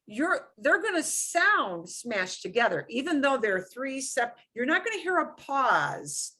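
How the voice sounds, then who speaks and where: A woman's voice: sits high, very animated, a little slow, sharp tone, slightly rough. A woman teaching a beginner Spanish class, explaining patiently and often checking in with "okay?".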